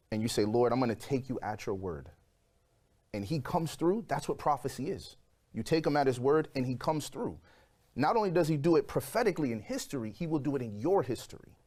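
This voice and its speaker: Animated man telling a personal testimony. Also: medium pitch, fairly quick. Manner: animated storyteller, acts out quoted voices. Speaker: guest.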